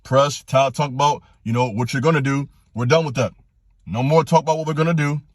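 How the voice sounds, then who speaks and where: A man's voice: fairly even intonation, a little fast, no echo, studio quality. Fired-up man preaching straight to the camera. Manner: direct, preachy, repetitive exhortations, rising to passionate pitch. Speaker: channel host giving motivational talks. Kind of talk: fired-up motivational monologue.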